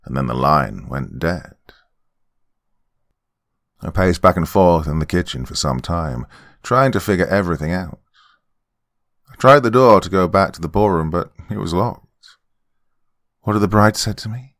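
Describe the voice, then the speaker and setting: A man with a very low, deep voice narrates a horror story in the first person. His delivery is measured and dramatic. The recording is dry and close, with no room sound. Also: animated, a bit bright, dry recording. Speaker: horror podcast host and narrator.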